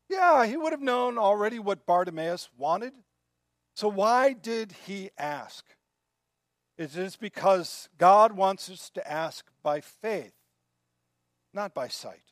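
Male pastor, sermon, earnest, unhurried, dry close sound. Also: sits high, no echo. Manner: earnest, drops to soft quiet tones when moved.

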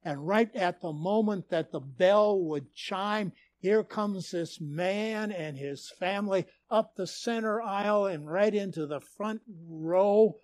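A male pastor from Minnesota delivers a sermon in an earnest storytelling manner with dramatic emphasis. His voice is high and his pace deliberate and slow. The recording is dry and close, with no room sound. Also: a little mellow, dry recording. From Minnesota, USA.

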